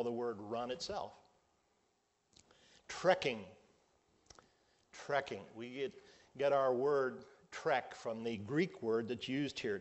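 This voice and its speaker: A male pastor preaching a sermon, measured and emphatic, drawing out his key words. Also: medium pitch.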